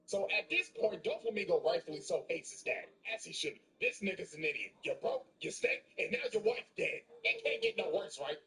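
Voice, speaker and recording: Crude, animated young man telling a story. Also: high-pitched, brisk, few pauses. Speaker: gaming video narrator. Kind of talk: comedic story recap.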